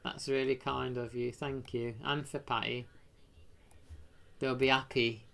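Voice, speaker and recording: A British man chatting casually on a live stream. He rambles, thanks viewers from the chat, and breaks into sudden excited exclamations. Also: mid-range voice, unhurried, vocal fry.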